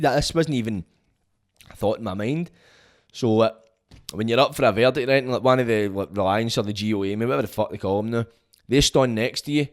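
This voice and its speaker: A Scottish man with a mid-pitched voice talks straight to the listener in a loose, unscripted monologue. His manner is blunt and frank, with heavy swearing. He speaks with the easy bluntness of someone giving advice from experience. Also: expressive, brisk. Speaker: vlogger giving prison advice. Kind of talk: casual monologue.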